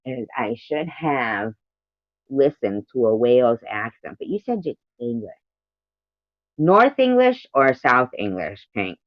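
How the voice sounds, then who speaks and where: Speaking slowly in a sing-song, medium-pitched voice, a livestream host greets his viewers one at a time and chats with them casually and playfully. The phone recording has no echo and sounds dull and lo-fi.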